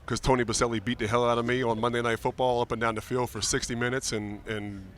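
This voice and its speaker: Man in his forties, mid pitch, joking storyteller guesting on a chatty podcast. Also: fast talker, slight background noise. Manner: lively storyteller, casual and joking. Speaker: guest, retired football player. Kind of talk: casual interview chat.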